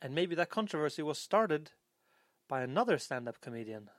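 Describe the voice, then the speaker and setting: A man's voice: fairly high pitch, very animated, fairly quick, a bit bright, no room sound, studio quality. A man hosting a podcast, chatting casually in a playful, teasing way. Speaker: podcast host.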